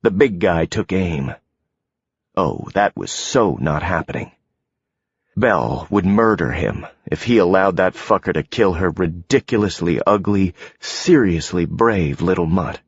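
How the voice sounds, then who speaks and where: A man narrating an audiobook in a measured, deliberate way. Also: deep voice, lively intonation, slightly rough, no room sound. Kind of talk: scripted narration. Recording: dull, dry, lo-fi audio.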